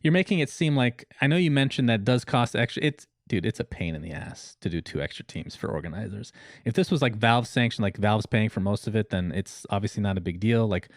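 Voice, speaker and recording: A man co-hosting a podcast, chatting casually with quick, animated back-and-forth. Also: lowish voice, no room sound. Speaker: podcast co-host. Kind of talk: casual chat.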